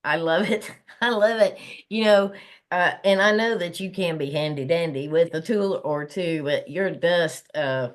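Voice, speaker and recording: A woman's voice: lowish voice, unhurried. Folksy Southern woman co-host. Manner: folksy, laughs often, repeats phrases. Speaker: podcast co-host. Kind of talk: casual chat.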